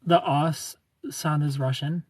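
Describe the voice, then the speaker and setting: A man's voice: fairly high pitch, fairly even intonation, takes it slowly, a little mellow, slightly rough. A young man hosting a casual livestream, greeting viewers and ranting with plenty of swearing and laughter. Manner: ranting, profane, laughing often. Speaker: livestream host. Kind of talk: casual livestream chat reading comments.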